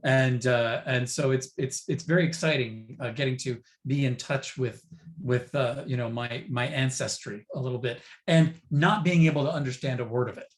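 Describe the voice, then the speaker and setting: A man's voice: medium pitch, moderate pace. A man talks over a remote call as an interview guest. He rambles, restarts his sentences and pokes fun at himself in an easygoing, chatty way. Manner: rambling, self-deprecating, many restarts. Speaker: guest writer. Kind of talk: casual interview chat.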